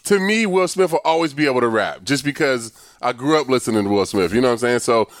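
A man co-hosting a podcast in relaxed, slangy casual chat. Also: medium pitch, quick pace, dry recording, studio quality. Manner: laid-back, slangy, says "you know what I'm saying". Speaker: podcast co-host.

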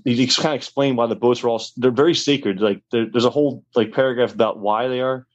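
A young man races through a story in a loose, rambling way, leaning on fillers and restarts. His pitch sits in the middle, and the recording sounds dull and muffled. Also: fairly even intonation, fast talker. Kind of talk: casual storytelling.

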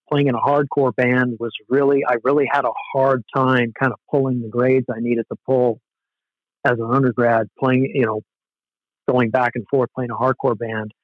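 A man's voice: mid-range voice, no echo, muffled recording. A man, a former hardcore band musician, telling rambling, self-deprecating stories in a casual interview, with many "you know"s.

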